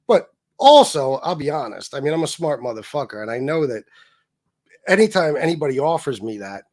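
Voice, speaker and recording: A man of Sicilian heritage hosts a casual livestream, speaking in a sing-song, somewhat high, slightly mellow voice at a brisk pace. He's blunt and swears a lot, and he reads viewer and donor messages aloud.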